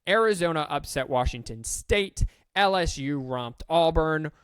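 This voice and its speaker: A man hosting a sports podcast, rattling off scores quickly with joking, self-aware asides. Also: fairly high pitch, lively intonation, a bit bright, clean tone, dry recording, clean studio sound. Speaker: podcast host. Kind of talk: casual sports recap.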